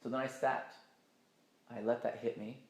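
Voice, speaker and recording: A man's voice: medium pitch, fairly even intonation, moderate pace, echoey room. A man telling a personal story in a casual, rambling and emphatic way, swearing often.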